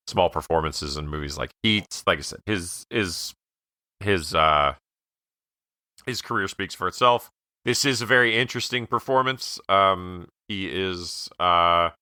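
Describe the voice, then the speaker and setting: A man with a very deep yet strikingly bright, crisp voice co-hosts a casual movie podcast. He muses in an unhurried way, full of ums. The sound is dry and close. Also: no echo. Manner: measured, filler-heavy musing. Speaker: podcast co-host. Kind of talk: casual movie review chat.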